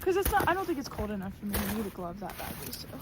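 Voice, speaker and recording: A woman vlogging outdoors in deep snow, chatty and exclamatory, mocking herself, out of breath with a slightly rough voice, recorded on a tripod camera. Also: very animated, rapid-fire. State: voice a bit rough. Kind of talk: casual vlog narration. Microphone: camera on a tripod, sometimes from a distance. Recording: noisy outdoor recording, sometimes far from the mic. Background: outdoor ambient noise.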